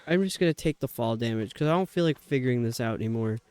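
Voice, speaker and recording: Smooth-voiced man grumbling through live gameplay. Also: medium pitch, expressive, quick pace, a little mellow. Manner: talks to himself, grumbling and exasperated. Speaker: streamer.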